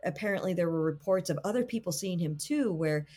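A woman's voice: lowish voice, expressive, brisk, dark tone. A woman co-hosting a podcast who retells a spooky story in a chatty, casual way, dropping lots of "like" fillers. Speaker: podcast co-host.

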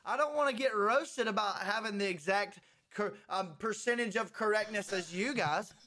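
A young man co-hosting a casual podcast, laid-back and saying "dude" often, getting loud when riled up. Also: high voice, normal speed. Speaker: podcast co-host.

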